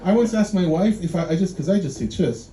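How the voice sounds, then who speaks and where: A man's voice: sits high, expressive, brisk, dark tone. A man doing a stand-up comedy set, rambling and self-mocking, with stammering restarts. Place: comedy club stage before a live audience. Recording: echoey club room with faint noise.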